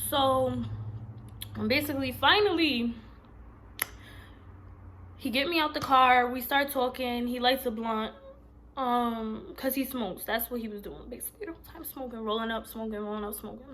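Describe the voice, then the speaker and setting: Loud, slangy New woman telling a story. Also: fairly high pitch, fairly even intonation, moderate pace, pauses often, a little hiss or hum. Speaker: vlogger. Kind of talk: casual storytime vlog.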